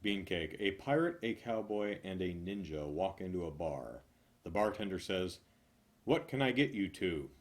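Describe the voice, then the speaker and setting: Here a lowish-voiced man hosts by reading jokes from a book in quick succession. The punchy, animated delivery features big pitch swings, and he lingers on every punchline.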